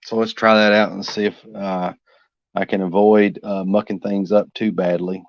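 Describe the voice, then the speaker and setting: Easygoing low-voiced man, dull dry sound. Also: little pitch movement, moderate pace, dry recording. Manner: rambling, easygoing, talks to himself while working. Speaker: artist streaming a drawing session. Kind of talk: casual chat while drawing live.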